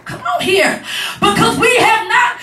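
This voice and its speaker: Woman preacher, sermon, high voice, heard from a distance. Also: expressive. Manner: builds from low, measured teaching to shouted, rising preaching. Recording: echoey hall from a distance.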